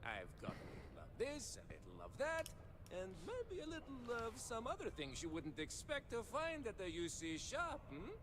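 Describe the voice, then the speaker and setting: An actor playing a chatty male space-station shopkeeper with an unusual mixed accent and a wheedling sales pitch. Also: huge pitch swings, normal speed, long reverb tail, heavily acted. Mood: salesy. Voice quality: sing-song, swooping delivery. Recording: background hiss noise.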